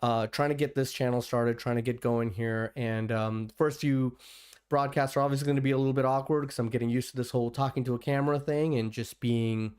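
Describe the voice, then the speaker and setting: A man's voice: medium pitch, fairly even intonation, fairly quick, darkish tone, clear, resonant tone. A man hosting his own livestream, talking casually and loosely with many restarts and fillers. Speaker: livestream host. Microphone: computer streaming setup.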